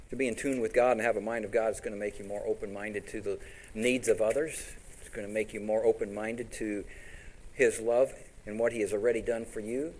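A man from Tennessee preaching a sermon in a folksy, animated way, often acting out little scenes. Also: on the low side, slight background noise. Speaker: pastor.

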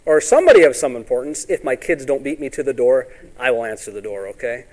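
A man preaching a sermon in a folksy way, often asking "all right?" and acting out Bible scenes in quick voices. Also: mid-range voice, lively intonation, a little mellow. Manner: ends points with "all right?".

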